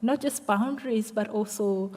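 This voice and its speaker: A woman scholar delivers an academic lecture in a measured way, often checking in with her listeners and circling back over her words. Her voice is mellow and relaxed at a middling pitch. The sound rings with the long reverb of a large lecture hall. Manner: measured, adds tag questions and repeats words. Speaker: lecture respondent, literary studies scholar.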